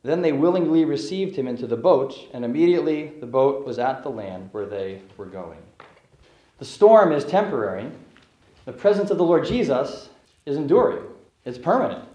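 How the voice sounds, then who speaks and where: A man preaching in an earnest, expository way, lifting his voice to stress key phrases. His voice sits at an ordinary middle pitch. The sound carries a roomy echo. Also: lively intonation, normal speed, mellow, highs cut off. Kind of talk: sermon.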